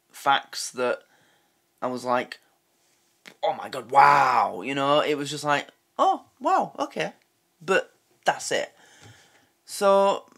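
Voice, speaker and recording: A man's voice: mid-range voice, a bit bright. An English man hosting a reaction video, making sarcastic, swearing comments and laughing at his own jokes. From England.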